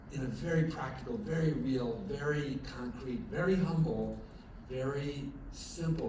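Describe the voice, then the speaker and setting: A man giving a chapel sermon as pastor, talking conversationally with many fillers and restarts and growing emphatic as he tells a story, recorded from a distance in a chapel. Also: mid-range voice. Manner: grows lively and emphatic when telling a story. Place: chapel at an evening service. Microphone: distant from the recording mic. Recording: very echoey chapel from far off, room noise.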